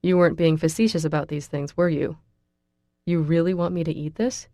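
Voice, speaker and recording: A woman reading the part of a calm, serious young male college student who talks in a guarded, quietly insistent way. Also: sits low, brisk, no echo, studio quality. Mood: wry.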